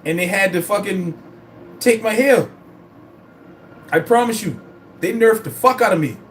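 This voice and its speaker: This man's high voice comes a little slowly as he vlogs about his fitness journey over slight background noise. He keeps it casual, rambling and profane, with animated storytelling.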